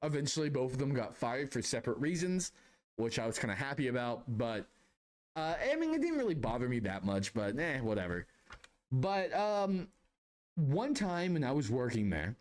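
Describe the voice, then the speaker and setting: A man's voice: medium pitch, big pitch swings, moderate pace. A young man hosting a casual solo podcast, telling stories in a rambling, self-deprecating way that keeps wandering off on tangents. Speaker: podcast host.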